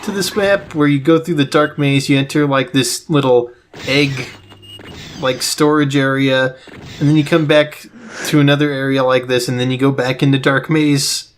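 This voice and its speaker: Relaxed man narrating his gameplay. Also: mid-range voice, moderate pace, slight background noise. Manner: relaxed, explains gameplay as he goes. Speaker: let's play host playing the game. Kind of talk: casual gaming commentary.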